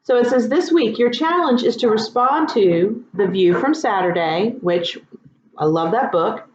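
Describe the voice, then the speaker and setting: A woman teaching a writing lesson in a casual, relaxed way, with lots of ums and asides. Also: a little high, a little slow, a little hiss or hum. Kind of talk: casual classroom instruction. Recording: echoey room, dull lo-fi sound.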